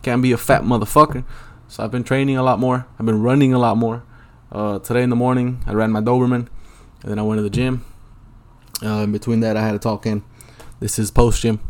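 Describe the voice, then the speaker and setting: A man's voice: mid-range voice, little pitch movement, fairly quick. Profane, rambling guy hosting a podcast. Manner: profane, rambling, laid-back. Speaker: podcast host. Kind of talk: casual solo rambling podcast. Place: Los Angeles, at home.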